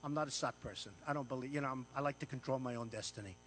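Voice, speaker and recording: A man's voice: mid-range voice, racing, a bit bright, slight background noise. An American man giving a boastful, repetitive off-the-cuff speech to an audience in an event room. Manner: boastful, repetitive, punchy phrases. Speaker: paid speaker.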